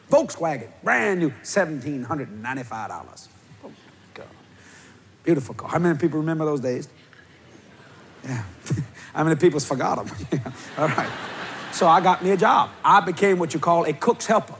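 A man with a Cajun accent preaching a comedic sermon, telling stories loudly and often breaking into shouts. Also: fairly high pitch, slight background noise. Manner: animated, loud storytelling with bursts of shouting. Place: church hall before a live audience.

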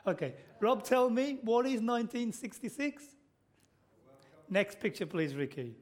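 A man gives a sermon in a church. His voice sits high for a man, and he keeps it conversational, throwing questions out to the congregation and checking in with "okay?" as he goes. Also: sing-song, measured pace. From Britain. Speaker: preacher.

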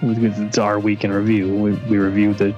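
A man's voice: on the low side, completely flat delivery, normal speed, a little mellow, highs cut off, faint music behind. A man co-hosting a comedy podcast, hesitant and stumbling over his questions. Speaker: podcast co-host. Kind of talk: comedic banter.

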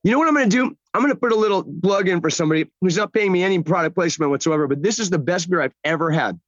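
An older actor, a guest, talking in a rambling, excitable, profane way in casual chat. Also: male voice, high voice, rapid-fire, dry recording, muffled recording. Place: outdoors by a lake.

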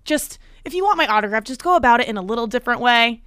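A young woman with a high, bright voice tells a story on a casual chat podcast. Her tone is smooth and clear, she acts out every quote, and the sound is dry and close. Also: quick pace, no echo. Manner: animated storyteller acting out quotes. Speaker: podcast co-host.

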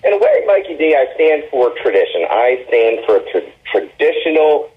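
A man's voice: medium pitch, wildly swooping pitch, normal speed, breathy edge. A man as a podcast guest cutting a boastful wrestling-manager promo, pompous and condescending, heard over a phone line.

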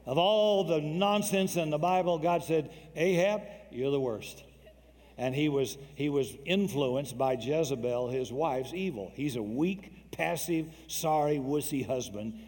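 A man's voice: mid-range voice, darkish tone, big-room sound. A man preaching a sermon in a folksy, joking, emphatic way.

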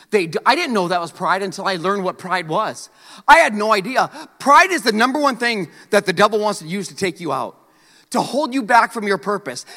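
A man preaching a sermon, telling a story in an animated, joking way. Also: high voice, big-room sound. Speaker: pastor.

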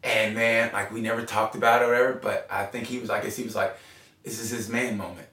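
Cast a man in his forties, bright-toned, telling candid stories in a roomy space off-mic. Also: fairly low pitch, quick pace. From Oklahoma, USA. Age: 40s. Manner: animated, swears freely, laughs often. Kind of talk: candid personal storytelling. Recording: roomy echo, mic at a distance.

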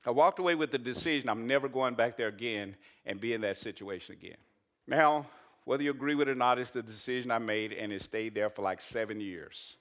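A man, a pastor preaching and telling a personal story, rising to loud emphatic peaks. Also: medium pitch, a little fast. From Arkansas. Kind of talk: sermon.

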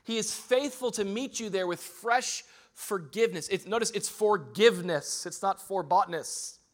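A young adult man preaching a sermon as a pastor, talking casually and swinging between loud emphasis and soft, earnest passages. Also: sits high, moderate pace.

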